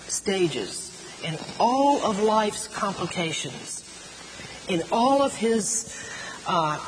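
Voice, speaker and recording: A middle-aged woman preaching a sermon, earnest and animated, stretching out words for emphasis. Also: mid-range voice, drawn-out words. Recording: long hall reverb, faint noise.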